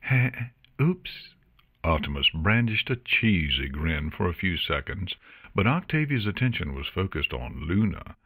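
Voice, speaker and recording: A man reading an audiobook, narrating in an expressive storytelling manner. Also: low-pitched, moderate pace, slightly rough, dry recording, studio quality. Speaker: audiobook reader.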